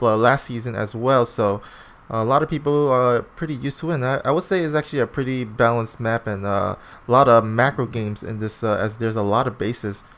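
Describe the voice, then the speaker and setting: A man doing relaxed color commentary on a live esports stream as co-caster, with plenty of fillers. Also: medium pitch. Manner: casual, many fillers and restarts, laughs easily.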